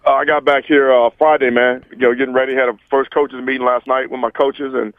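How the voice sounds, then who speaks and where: A man's voice: medium pitch, little pitch movement, brisk, dry recording. A man who coaches football, calling in to a sports talk show and trading teasing, slangy banter. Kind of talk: casual sports radio chat. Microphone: phone. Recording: phone line.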